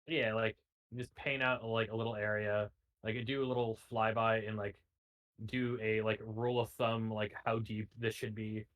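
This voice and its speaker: A relaxed dungeon master talks the players through the scene at a mid pitch. The explanations are loose and easygoing, full of "uh" and "like" along the way. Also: normal speed, lo-fi sound. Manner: relaxed, filler-heavy explaining. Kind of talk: running a tabletop game.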